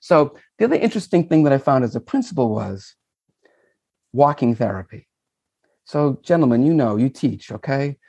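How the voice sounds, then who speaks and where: A man's voice: mid-range voice, moderate pace, no room sound. A middle-aged man from Boston with a Boston accent, a former principal telling folksy stories as a podcast guest. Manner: animated, folksy storyteller. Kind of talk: podcast interview storytelling.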